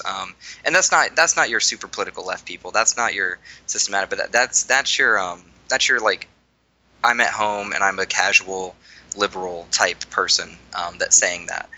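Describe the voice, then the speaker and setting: A young man with a low, very bright and forceful voice talks politics off the cuff. He stumbles through fillers and restarts as he builds his points. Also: low-quality recording. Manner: halting, many fillers and restarts. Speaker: podcast co-host. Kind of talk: casual political chat.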